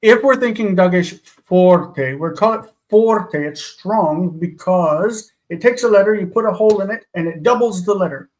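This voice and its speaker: A man co-teaching on a live call speaks through an earpiece. His voice sits a little high for a man. He explains patiently and corrects points precisely. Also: moderate pace, few pauses, rough recording.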